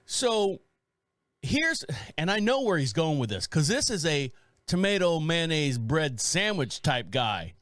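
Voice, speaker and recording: In a casual chat he co-hosts, a man in his forties tells a story, quoting his neighbor in put-on voices with animated energy. His voice is fairly high and a little slow, recorded at studio quality with no room sound.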